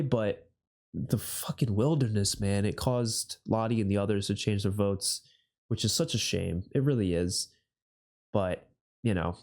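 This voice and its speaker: A young man giving casual reaction commentary on a TV episode, excitable and swearing often, his voice jumping high on outbursts. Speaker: reaction video host.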